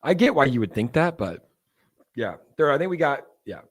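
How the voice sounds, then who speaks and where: A man's voice: medium pitch, very animated, normal speed. Rambling young man hosting a crypto stream. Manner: rambling, filler-heavy, reads chat aloud. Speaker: crypto livestream host. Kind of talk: casual livestream chat.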